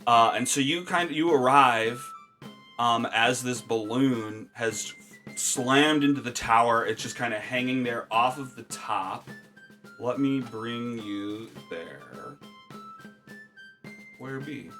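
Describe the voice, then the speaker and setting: A man running a tabletop game, describing the scene in a middling voice. He hedges and pauses, filling gaps with "um" and "like". Soft music sits faintly in the background. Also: mid-range voice. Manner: hesitant, filler-heavy narration. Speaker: game master.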